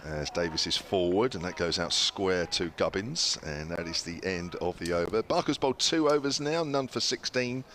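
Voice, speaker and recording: A man calls cricket ball by ball in an easy, chatty way, and his voice sits very low. He pauses often on little fillers between deliveries, and a faint hum of the ground stays behind him. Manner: relaxed, chatty, frequent "uh" fillers. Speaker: cricket commentator. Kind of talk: ball-by-ball radio commentary.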